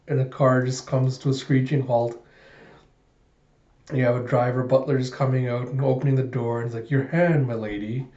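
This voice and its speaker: Brief: mellow-voiced guy recapping a comic, dull lo-fi echoey audio. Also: medium pitch, normal speed. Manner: animated retelling, many "he's like". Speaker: manga reviewer. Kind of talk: casual chapter recap.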